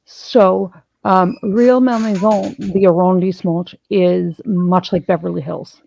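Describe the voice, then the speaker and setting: A woman's voice: fairly low pitch, steady tone, takes it slowly, gravelly, warm tone, dull audio. A woman host in casual chat, telling a rambling story full of restarts. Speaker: channel host.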